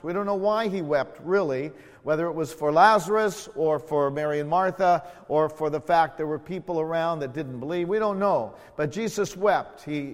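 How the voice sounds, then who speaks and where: A man preaching a sermon as pastor, telling the story in a folksy way with small jokes and building to loud, emphatic calls. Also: on the high side, big-room sound.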